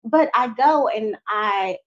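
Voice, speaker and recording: A young adult woman telling a personal faith testimony in an animated way, talking straight to her audience. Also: on the high side, takes it slowly, highs cut off. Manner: animated, addresses audience directly. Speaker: speaker sharing a testimony.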